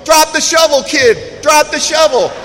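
A blunt, amused recovery sponsor hands out slow, dry advice, as a man quotes him in his talk. The voice sits high and carries a long hall reverb. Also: steady tone, fairly bright tone. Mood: urging. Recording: reverberant hall, faint background noise.

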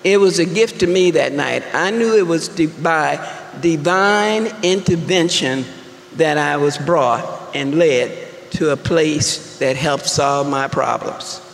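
A woman sharing her recovery story at a fellowship meeting, telling it with wry, deliberate humor. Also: low-pitched, a little hiss or hum. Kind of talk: personal testimony talk. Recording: echoey hall with long reverb and faint room ambience.

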